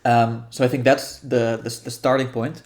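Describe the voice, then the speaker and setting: A man guest-guiding a meditation practice calmly explains how it will go in casual conversation. His medium-pitched delivery is thoughtful and halting as he thinks aloud, with many restarts and fillers.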